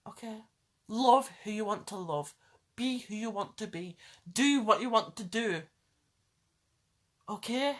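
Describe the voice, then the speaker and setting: A woman speaking straight to her audience in a passionate vlog rant. She pleads and presses her point, circling back to the same phrases again and again. Her voice sits at an ordinary middle pitch for a woman. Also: slow, pauses often. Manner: urgent, pleading, repeats phrases for emphasis. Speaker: vlogger. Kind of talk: impassioned direct-to-camera rant.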